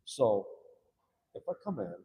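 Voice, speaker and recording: A man's voice: lowish voice, big pitch swings, a little slow, warm tone, slight background noise. A man in casual talk, ranting and telling a story with lots of swearing, acting out what others would say. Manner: profane, storytelling, acts out quoted voices. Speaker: citizen activist. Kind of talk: casual animated rant.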